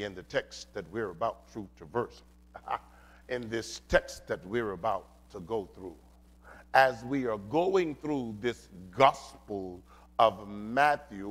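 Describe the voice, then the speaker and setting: A man's voice: lowish voice, fairly bright tone. A man, preaching a sermon as pastor in an emphatic call-and-response style. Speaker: lead pastor.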